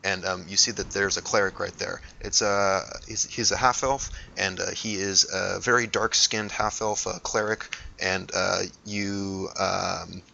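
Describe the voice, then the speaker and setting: A man's voice: sits low, little pitch movement, a little slow, gravelly, few pauses, sharp tone. A man narrating a tabletop game as game master, rambling with many fillers, on a dull lo-fi recording.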